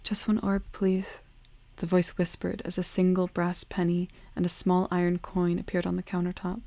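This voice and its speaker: A woman narrating a storybook in a calm, soft-spoken way. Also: lowish voice, dry recording.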